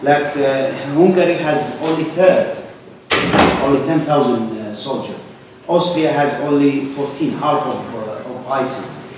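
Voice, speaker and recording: Hesitant moderator man, noisy hall. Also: mid-range voice. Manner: halting questions with many fillers. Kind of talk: panel discussion. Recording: echoey hall, distant mic, loud noise.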